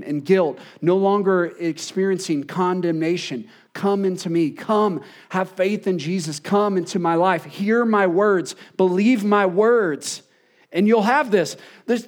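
Male pastor, high-pitched, earnest sermon delivery, repeats lines and goes quiet to land a point. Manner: earnest, repeats words, drops soft for emphasis.

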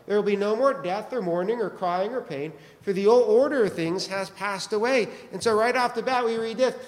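Male pastor, high voice, chatty joking sermon, long hall reverb. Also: a little fast. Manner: conversational, joking, asks the congregation questions.

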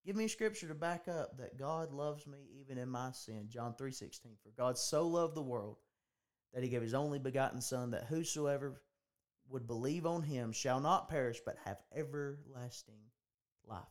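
A man's voice: medium pitch, moderate pace. A man hosting a podcast, talking in an earnest preaching style, often restarting and repeating his phrases. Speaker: podcast host.

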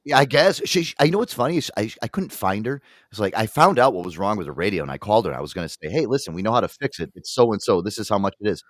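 Animated, swearing male talk-show host. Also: fairly low pitch, rapid-fire, few pauses, dry recording, clean studio sound. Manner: profane, animated storytelling. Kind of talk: casual talk-radio banter.

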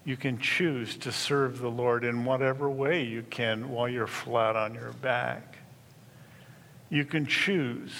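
A man preaching a sermon in earnest, stressing key words slowly and emphatically. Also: medium pitch, a bit bright. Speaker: pastor. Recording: reverberant hall, faint room noise.

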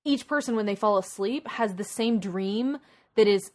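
A woman with an ordinary, mid-range voice talks casually as a podcast co-host. She rambles through a film's plot with lots of asides and restarts, animated and conversational. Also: mid-range voice, normal speed. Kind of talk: casual chat.

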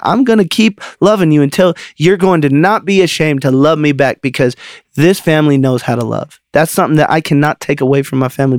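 A middle-aged man with a fairly high voice tells a personal story on his podcast, lively and quick to laugh. The sound is dry and close, with no room around it. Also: no echo. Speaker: podcast host.

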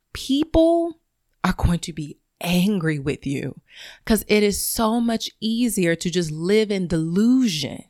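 A woman hosts her own podcast, talking in a blunt, emphatic and freely profane way. Her voice sits at a middle pitch. The recording is close and dry. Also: no room sound. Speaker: podcast host and teacher. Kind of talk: solo podcast monologue.

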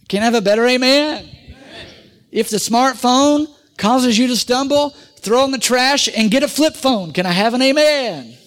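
A middle-aged male pastor preaching a sermon, calling on the congregation for amens and swinging between loud pushes and quiet asides. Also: very high-pitched.

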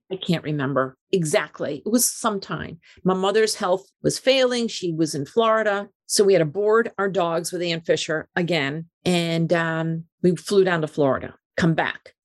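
An older woman, a podcast guest, tells an emotional personal story in an animated way, repeating and restarting her words. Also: fairly low pitch. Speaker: interview guest.

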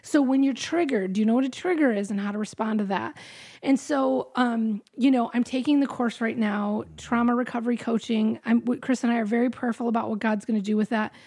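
A woman's voice: a little high, brisk, a little mellow. A middle-aged woman, a guest in an interview, telling her faith story in an earnest, heartfelt way.

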